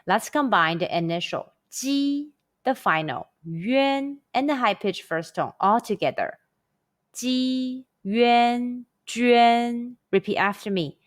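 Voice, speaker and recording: A woman teaching a scripted pronunciation lesson, speaking slowly and carefully with over-enunciated drills. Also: mid-range voice, very animated, fairly bright tone, no echo, clean studio sound. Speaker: language teacher.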